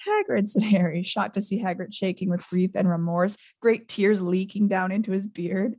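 A woman's voice: mid-range voice, normal speed, few pauses. A woman hosting a podcast, reading a book aloud live with character voices and chatty asides. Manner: reads with animated character voices, laughs often.

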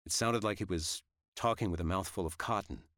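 A man narrating a first-person story in a steady, even way. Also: low-pitched, brisk, dry recording, clean studio sound. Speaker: audiobook narrator.

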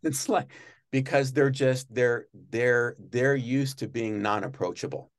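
A man being interviewed, telling long, rambling stories about his work at a TV studio and breaking into quick impressions of people. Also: medium pitch. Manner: rambling, many restarts, animated when mimicking others. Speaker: guest recalling work at a TV studio. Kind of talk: casual interview storytelling.

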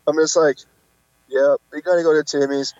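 A man tells a rambling road story in a casual, animated way, jumping his voice up to act out the people he quotes. His voice sits a bit high for a man. The recording is dry and slightly dull, like lo-fi podcast audio. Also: normal speed, dry recording. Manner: animated, acts out quotes with pitch jumps. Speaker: podcast guest, wrestler.

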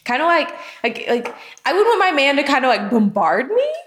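A woman in casual, explicit chat, talking in an animated way, swearing and laughing often. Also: sits high, moderate pace, slight background noise. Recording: echoey room.

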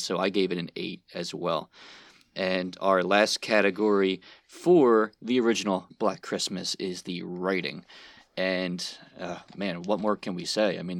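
Deep-voiced man chatting casually. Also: dry recording, clean studio sound. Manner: rambling, thinking aloud with fillers. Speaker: podcast co-host, movie reviewer. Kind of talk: casual chat.

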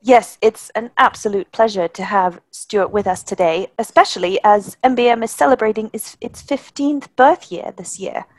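A woman's voice: medium pitch, moderate pace, few pauses, no room sound. German woman co-hosting, polished. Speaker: podcast co-host, lawyer. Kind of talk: prepared podcast talk.

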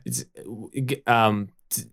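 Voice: medium pitch, big pitch swings, slow pace, creaky, clean tone, exaggerated voice. A player voicing a nervous young deputy who stutters heavily and hesitates. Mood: flustered.

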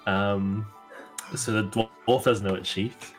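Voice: deep voice, fairly even intonation, slow pace, music in the background. A player describing their character's actions in a hesitant, filler-heavy way. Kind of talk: casual tabletop play.

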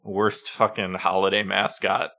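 A man's voice: deep voice, monotone, a little slow, bright, forceful tone. A man co-hosting a podcast, telling stories animatedly and swearing freely in casual chat. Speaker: podcast co-host.

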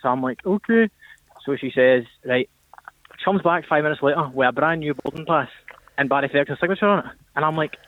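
A man's voice: a little high, fairly quick. A young man calling in to a radio show, telling a story animatedly and acting out the voices in it. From Northern Ireland. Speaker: caller. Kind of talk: phone-in storytelling. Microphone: phone. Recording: tinny phone line.

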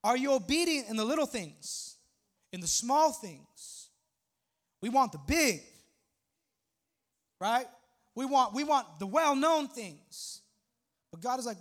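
A man in his thirties delivers a sermon as pastor, speaking in an unusually high voice. He talks to the congregation casually and with humor. Now and then he builds into emphatic, near-shouted points. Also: expressive, slow pace, long pauses. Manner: conversational, humorous preaching with rising emphatic outbursts.

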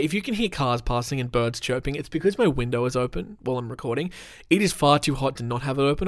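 A man's voice: mid-range voice, no echo, clean studio sound. A man hosting a podcast, chatting casually and reading news aloud, rambling and swearing with many ums, from a room at home. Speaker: podcast host. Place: room at home with the window open.

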